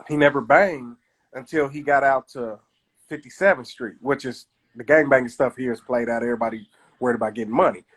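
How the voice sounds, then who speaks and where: A man's voice: medium pitch, breathy edge. A man from Kansas City, a comedian telling stories in casual chat on a live stream. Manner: storytelling, does quick voices of others.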